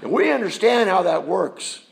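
A man preaching a sermon in a church, his voice pitched high and carrying a gravelly fry. He talks to the congregation in a conversational way and keeps throwing rhetorical questions at them. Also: big pitch swings, moderate pace. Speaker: pastor.

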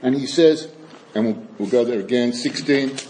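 Man preaching, mid pitch, stumbles and restarts a lot, wry little chuckles, faint hiss in the background. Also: moderate pace, a little mellow, poor audio. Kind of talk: sermon with scripture reading.

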